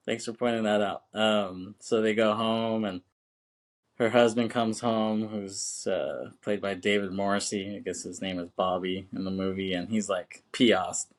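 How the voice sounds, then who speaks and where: A man's voice: on the low side, steady tone, a little slow. A man co-hosting a podcast, casually recapping a film with lots of fillers and laughs. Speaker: podcast co-host.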